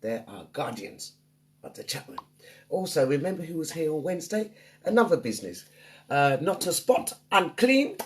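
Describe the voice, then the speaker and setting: A woman's voice: low-pitched, very animated, moderate pace. A woman hosting a live online radio show, chatting upbeat and greeting listeners by name. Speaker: radio DJ and host.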